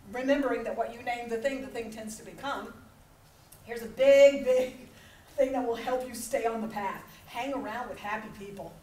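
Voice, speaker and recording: High-voiced woman telling lively stories. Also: a little hiss or hum. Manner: animated storytelling, acting out voices and laughing often. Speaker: conference speaker. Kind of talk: motivational keynote talk. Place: large conference hall. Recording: echoey hall recorded from far off.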